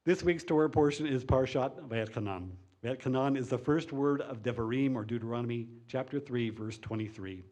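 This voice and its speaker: A man with a mid-pitched voice leads a synagogue service. He explains scripture in an even, plain teaching tone. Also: moderate pace, few pauses. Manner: reads a joke with lively put-on voices, then teaches plainly. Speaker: service leader. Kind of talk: sermon with a told joke.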